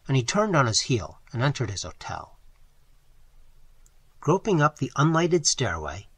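Husky male audiobook narrator. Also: mid-range voice. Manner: expressive, dramatic reading. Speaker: audiobook reader.

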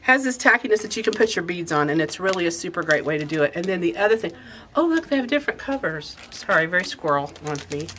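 A middle-aged woman chats through new stock at her shop, bubbly and easily sidetracked. She rambles warmly from one item to the next. Faint shop noise hums behind her. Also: lowish voice, expressive, fast talker. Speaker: quilt shop host. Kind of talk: casual chatty product show-and-tell.

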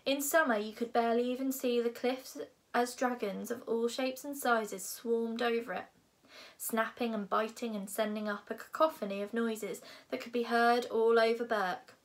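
A woman reading a children's novel aloud in a lively, expressive way. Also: a little high, normal speed. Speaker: reader.

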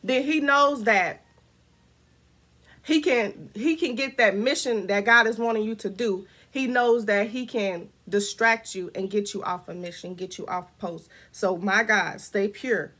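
A woman's voice: medium pitch, unhurried, few pauses, a bit bright. A woman ministering prophetically straight to camera, talking casually and then rising into fervent declarations and prayer, often repeating her words. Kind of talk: informal prophetic preaching to camera.

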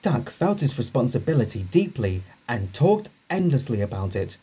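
A man narrating a children's storybook, reading aloud slowly and expressively. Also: medium pitch, breathy edge. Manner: slow, expressive read-aloud.

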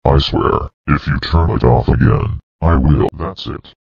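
A male text-to-speech voice playing a furious purple dinosaur scolding the user, with a flat robotic delivery. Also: unhurried, highs cut off, noisy background, exaggerated voice. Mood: menacing. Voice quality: very deep, gravelly synthetic voice.

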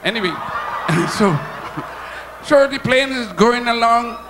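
A man with a Trinidadian accent telling stand-up jokes on stage, animated and laughing at his own punchlines. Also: very high voice, slow pace, noisy background. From Trinidad and Tobago. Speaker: stand-up comedian. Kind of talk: stand-up comedy storytelling. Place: comedy show stage.

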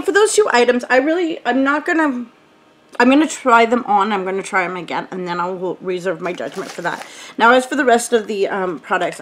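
Woman vlogger, chatty and meandering, average pitch, home recording. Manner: rambling, thinks aloud, many ums. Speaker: beauty vlogger. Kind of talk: casual unboxing chat.

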